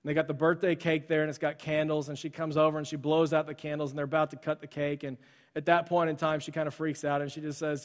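A man's voice: a little high, level tone, fast talker. A man preaching to his church, telling a story in a conversational way with frequent fillers and restarts. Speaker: pastor. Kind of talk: sermon storytelling. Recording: long hall reverb.

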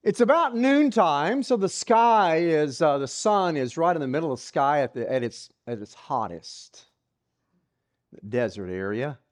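Slow, lively preacher telling a story. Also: medium pitch. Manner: dramatic retelling of a story, dropping to hushed whispers; repeats words while building a scene. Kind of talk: sermon.

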